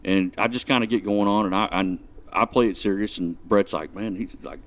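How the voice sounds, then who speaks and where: Deep-voiced man in his forties. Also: fairly even intonation, fairly quick. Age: 40s. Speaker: podcast guest. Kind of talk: casual storytelling chat.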